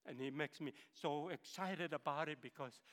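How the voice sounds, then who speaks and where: A man's voice: fairly high pitch, normal speed, a bit bright, big-room sound. A man, giving an impassioned sermon testimony as a guest speaker in a church. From northern Philippines. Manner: impassioned storytelling. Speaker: missionary pilot, guest speaker.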